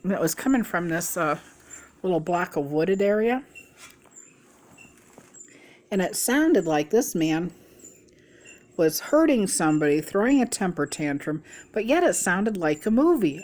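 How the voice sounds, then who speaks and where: A woman's voice: mid-range voice, very animated, normal speed, pauses often, a little mellow. A middle-aged woman vlogger telling a rambling, gossipy story in a casual way, swearing freely. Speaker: mukbang vlogger.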